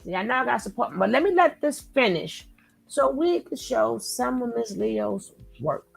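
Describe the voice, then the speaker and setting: A woman hosting a live stream, chatting casually and effusively with her viewers and shouting them out by name. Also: fairly high pitch, expressive, normal speed, gravelly, husky, poor audio. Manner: effusive, talks straight to chat, shouts out viewers. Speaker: livestream host.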